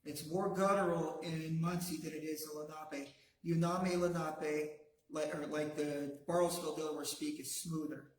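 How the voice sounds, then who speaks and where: A man teaching a language class, pronouncing each word slowly and patiently so the class can repeat it back. His voice sits a little high for a man. The room around him is strongly echoey. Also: fairly even intonation. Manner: slow and patient, says words for the class to repeat. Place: classroom, also streamed to a video call.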